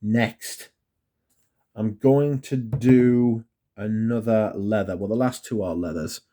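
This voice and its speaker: A man's voice: fairly low pitch, slow pace, dark tone. Chatty man reviewing perfumes. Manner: chatty, rambling, self-mocking. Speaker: fragrance reviewer. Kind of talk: casual review monologue.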